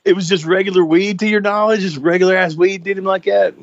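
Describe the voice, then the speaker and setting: A man co-hosting a podcast interview, asking loose, relaxed follow-up questions, over dull lo-fi call audio. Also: sits high, quick pace, no room sound. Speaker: podcast co-host. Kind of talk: casual interview chat.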